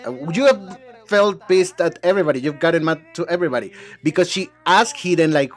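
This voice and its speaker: A man's voice: a little high, lively intonation, brisk. A man voicing an English dub of reality-show banter alone, sassy and bickering as he switches between several speakers. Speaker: translator dubbing a reality show.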